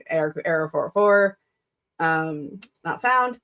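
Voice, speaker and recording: A woman's voice: on the low side, takes it slowly, a bit bright. Rambling, laughing woman author. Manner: rambling, many fillers and self-corrections; laughs often between sentences. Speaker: author streaming a writing session. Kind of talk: casual chat.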